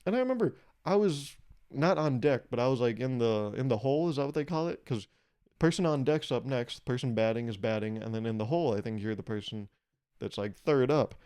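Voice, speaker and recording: Animated young man telling stories. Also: medium pitch, fairly quick, clear, resonant tone. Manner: animated, acts out quotes in raised voices. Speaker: podcast host. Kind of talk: casual comedic storytelling.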